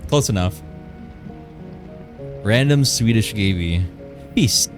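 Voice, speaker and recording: A man's voice: lowish voice, lively intonation, normal speed, over music. A man streaming live, chatting playfully with his viewers and rambling while he draws. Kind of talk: casual live-stream chat while drawing.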